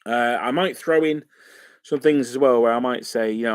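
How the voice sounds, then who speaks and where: A man's voice: medium pitch, normal speed, dry recording. A man hosting a live stream, chatting loosely and rambling as he paints miniatures. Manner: rambling and chatty, many fillers. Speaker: wargaming channel host.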